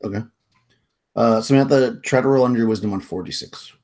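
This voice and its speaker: A man narrating as game master of a tabletop game, describing in a halting, hedging way with frequent restarts. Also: mid-range voice, noisy background.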